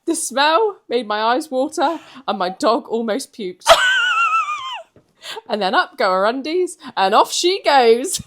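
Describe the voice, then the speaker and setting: A woman co-hosting a podcast, telling stories in a lively, giggly casual chat. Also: high-pitched, unhurried, heavy background noise. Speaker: podcast co-host.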